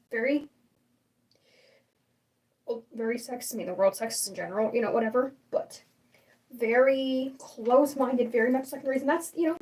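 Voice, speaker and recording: High-voiced rambling woman livestreamer. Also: a little mellow, recorded from a distance, rough recording. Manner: rambling and opinionated, full of fillers and restarts. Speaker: livestream host. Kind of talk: casual livestream chat.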